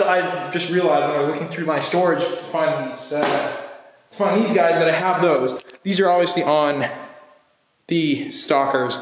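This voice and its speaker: A man vlogging casually in a garage, hoarse and scratchy while recovering from a cold, rambling with fillers and restarts. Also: fairly high pitch. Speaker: car vlogger host. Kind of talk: casual how-to vlog. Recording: echoey garage with long reverb.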